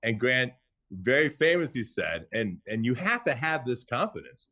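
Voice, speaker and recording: A man, a chef and restaurateur, being interviewed and telling stories in a relaxed, candid way. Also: medium pitch, moderate pace. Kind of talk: conversational interview.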